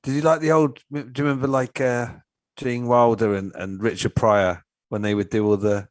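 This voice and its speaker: A man as a podcast guest, rambling through animated stories about old comedy films. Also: medium pitch, moderate pace, dry recording. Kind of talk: casual chat.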